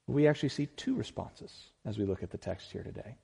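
Animated pastor preaching in an echoing hall. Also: male voice, fairly low pitch, brisk, vocal fry, few pauses, husky. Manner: animated, acts out voices in quotes; conversational, asks the listeners questions. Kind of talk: sermon.

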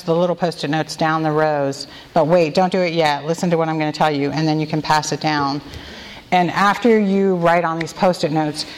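A woman with a slightly low voice leads a devotional talk, gentle and prayerful, slowing right down on the phrases she wants repeated. Her voice rings out with a long reverb, as if spoken in a large hall. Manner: gentle, slow and prayerful, stretching key phrases. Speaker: women's retreat speaker. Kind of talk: devotional talk with group responses.

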